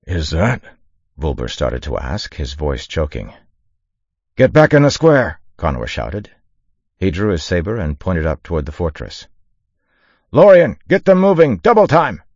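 A man reading a battle scene as an audiobook narrator, measured and dramatic. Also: a bass voice, no room sound, dull audio. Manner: measured dramatic reading, raises voice for shouted orders. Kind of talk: scripted narration.

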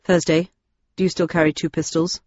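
A woman's voice: low voice, flat delivery, a little fast, darkish tone, dry recording, lo-fi sound. A woman reading the part of a precise, bookish male librarian in an audiobook. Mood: earnest.

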